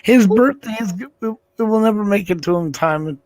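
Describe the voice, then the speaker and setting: A man's voice: high voice, moderate pace, a little mellow, dry recording. A man on a casual panel chat who laughs a lot and swears freely.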